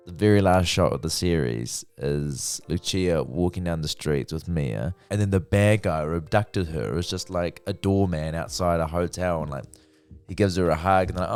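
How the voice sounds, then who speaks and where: A man's voice: low voice, moderate pace, darkish tone, clean tone, faint music behind. A young man casually reviewing a TV show, chatty and swearing freely. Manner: chatty, swears freely, acts out characters' lines. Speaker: TV review vlogger.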